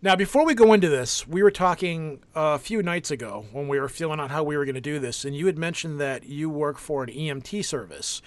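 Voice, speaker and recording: A man's voice: on the high side, fairly quick, few pauses, dry recording. A man hosting a podcast, asking guests leading questions with a joking manner. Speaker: podcast host. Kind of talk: casual interview questions.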